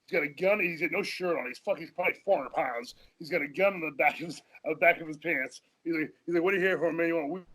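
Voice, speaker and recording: Guy rattling off wild stories super fast, swears a lot, laughs as he goes. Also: a little high, fairly bright tone, rough recording. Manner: rambling, profane, laughs mid-story. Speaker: podcast guest. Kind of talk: casual storytelling in an interview.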